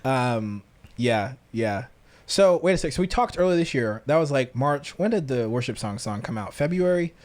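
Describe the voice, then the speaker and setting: A man hosting a podcast, telling stories in an animated, joking way in casual chat. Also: medium pitch, moderate pace. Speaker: podcast host.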